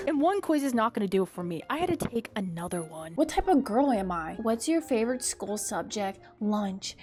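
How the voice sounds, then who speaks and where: A woman's voice: medium pitch, big pitch swings, fairly quick, hardly any pauses, a little mellow, faint music behind. A young woman in her twenties, a vlogger, chatting casually and sarcastically as she reads quiz questions aloud and mocks them. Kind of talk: casual vlog commentary.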